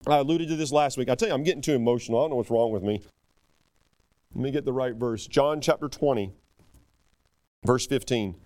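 A man preaching a sermon, emphatic and animated, often breaking off and restarting his sentences. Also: mid-range voice, fairly quick, long pauses. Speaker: pastor.

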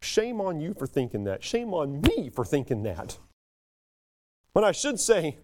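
A man preaching a sermon, emphatic and animated, often breaking off and restarting his sentences. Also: on the high side, measured pace. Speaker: pastor.

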